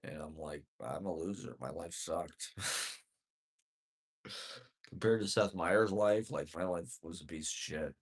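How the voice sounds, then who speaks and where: Man, deep voice, sardonic, self-mocking, profane, rambling monologue. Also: slow, long pauses, slightly rough. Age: adult. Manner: sardonic, self-deprecating, profane, chuckling asides.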